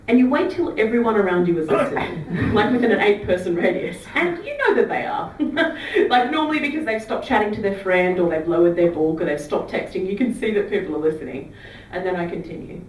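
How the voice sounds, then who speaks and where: A woman doing a stand-up comedy set on a club stage, chatty and giggly, acting out fake phone calls in a low murmur. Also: big pitch swings, moderate pace. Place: comedy club stage before a live audience. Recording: roomy club sound, heard from some distance.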